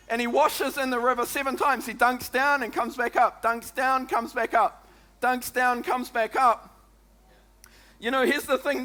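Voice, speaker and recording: A New Zealand man preaching, his voice sitting very high and ringing bright and forceful. He talks to his congregation in a lively, chatty way, tossing in "come on" and "eh?" as he goes. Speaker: pastor. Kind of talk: sermon.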